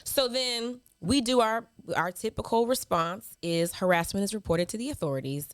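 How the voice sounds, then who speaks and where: A woman co-hosting a podcast speaks in a mid-range voice at a moderate pace, in studio-quality audio with no room sound. In casual chat, she reads nasty viewer emails aloud and answers them with mocking, sassy clapbacks and laughter.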